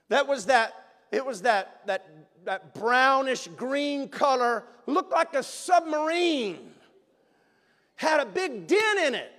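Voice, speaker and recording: A male pastor telling a personal story in a sermon, animated and emphatic, sometimes bursting into a shout. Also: very high-pitched. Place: church sanctuary. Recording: long reverb of a large hall.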